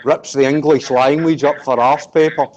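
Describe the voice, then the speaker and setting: A man's voice: medium pitch, fairly even intonation, moderate pace, a little mellow, dull audio. A Scottish man with a Glaswegian accent, chatting casually and telling sweary, jokey stories. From Scotland. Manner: sweary, jokey storytelling with laughs. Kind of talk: casual group chat.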